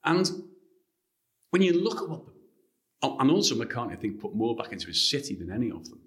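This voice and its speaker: A man from Liverpool with a Liverpool accent, a guest author telling anecdotes in an interview in an animated way. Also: medium pitch, brisk. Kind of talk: interview storytelling.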